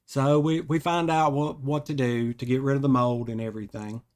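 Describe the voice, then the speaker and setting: A man hosting a podcast, telling a funny personal story in a rambling, animated way and often correcting himself. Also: mid-range voice, moderate pace. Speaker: podcast host. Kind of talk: casual storytelling.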